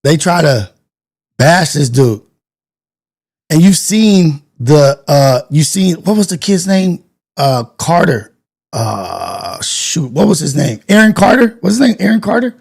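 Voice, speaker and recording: Male stream host, slightly high voice, loose thinking-aloud chat with restarts. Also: very animated, slow, gravelly, darkish tone, husky. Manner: rambling, thinks aloud, self-correcting. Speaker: live-stream show host. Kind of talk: casual live-stream chat.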